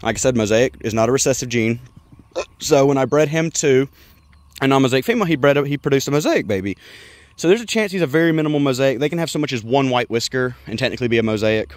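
The recording is dry, capturing a man's expressive, medium-pitched voice at a quick pace. An exotic pet breeder and vlogger, he strolls past animal enclosures in a yard and partly indoors at reptile tanks, chatting casually and addressing the animals.

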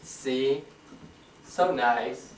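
A man's voice: mid-range voice, drawn-out words. A man casually narrating to his own camera in a home kitchen, chatting and joking as he explains each step. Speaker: home video maker. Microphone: built-in mic of a 1994 home camcorder. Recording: roomy, distant, faint hiss.

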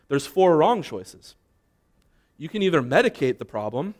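A man's voice: a little high, sing-song, moderate pace. A male pastor giving a conversational sermon, asking the room questions and acting out short imagined complaints. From United States.

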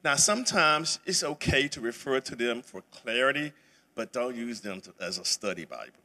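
A man teaches a Bible study class at church. He talks in a loose, conversational way, stopping to restart phrases and filling pauses with "uh" and "um." His voice has a bright, forceful edge, and his pitch sits in the middle for a man. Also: lively intonation, a little hiss or hum. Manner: casual and conversational, with many fillers and restarts. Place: church sanctuary.

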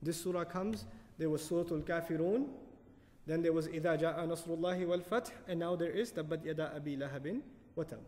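Man teaching a Quran lesson, high voice, rapid delivery, questions to the audience, echoey hall. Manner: animated, asks the audience questions and answers them; recites Arabic verses quickly. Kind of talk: lecture on Quran commentary.

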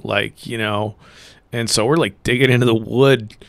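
A middle-aged man co-hosting a podcast, rambling through profane stories with laughs, getting loud when he quotes people. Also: medium pitch, fairly even intonation, moderate pace, creaky, no room sound. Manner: rambling, profane, laughs mid-story, swings loud when quoting the angry coach. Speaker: podcast co-host. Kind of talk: casual storytelling chat.

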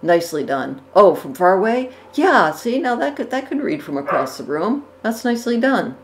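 A woman's voice: mid-range voice, big pitch swings, normal speed, a little hiss or hum. A woman giving casual reaction commentary on portrait paintings, thoughtful, with fillers and self-corrections. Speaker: art commentator. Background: dogs barking.

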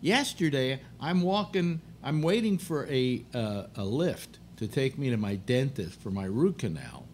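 A man's voice: medium pitch, sing-song, measured pace, hardly any pauses, darkish tone, slight background noise. An older man hosting a talk show, rambling bluntly and grumbling through restarts. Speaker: radio talk show host. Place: apartment.

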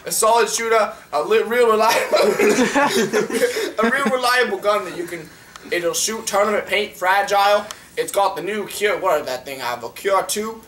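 A man's voice: high-pitched, normal speed, a crowd in the background. A young man joking around as the interviewee, teasing and goofy in a put-on British accent. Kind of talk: joking banter. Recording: roomy, from far off, faint noise.

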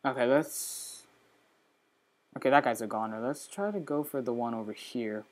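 A man hosting a let's play, giving casual, excitable gameplay commentary at his computer, chatty and breaking into sudden high squeals. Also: moderate pace.

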